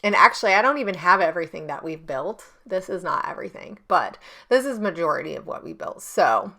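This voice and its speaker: A woman's voice: lowish voice, sing-song, a little fast, vocal fry, bright, forceful tone. A woman in her thirties chatting through a scrapbooking tutorial at her home desk, rambling with ums and self-corrections. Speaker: scrapbooking YouTuber. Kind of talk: casual crafting tutorial. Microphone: camera on a stand on her desk.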